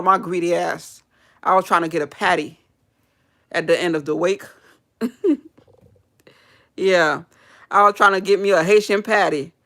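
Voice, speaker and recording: A woman's voice: lowish voice, fairly bright tone. A woman hairdresser telling a personal story in a casual, candid way to a live audience, laughing and swearing as she goes.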